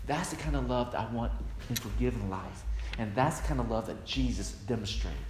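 In a church hall full of long reverb and a little background noise, a pastor delivers his sermon slightly fast in a medium-pitched voice. He leans on emphatic, repeated refrains throughout.

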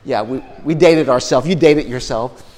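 A middle-aged man preaching a sermon to a congregation, earnest, often repeating and restarting words, rising now and then to loud, emphatic bursts. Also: medium pitch, normal speed, in a large hall. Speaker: pastor.

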